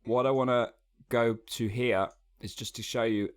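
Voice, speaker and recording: A man giving a relaxed, conversational singing lesson, explaining as he goes with frequent fillers and restarts. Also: medium pitch, measured pace, smooth. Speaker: singing coach.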